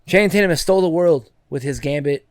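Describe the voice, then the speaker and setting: A young man co-hosting a podcast in casual chat, excitable and swearing freely as he hypes things up. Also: a little high, fast talker, dry recording, studio quality. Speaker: podcast co-host.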